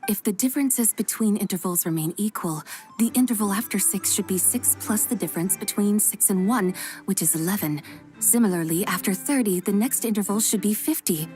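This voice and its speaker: A cool-headed young woman from a video game who reasons aloud in a measured, precise way, voiced by a woman. Her delivery stays even and analytical. Faint game music sits behind her. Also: medium pitch, natural voice. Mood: calm.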